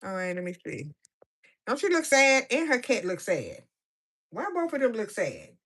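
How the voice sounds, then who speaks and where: A woman's voice: a little high, huge pitch swings, normal speed, fairly bright tone. A woman chatting casually and playfully as she colors in a coloring book for her viewers. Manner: playful, chatty, laughing commentary. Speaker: coloring vlogger. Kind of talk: casual chat while coloring.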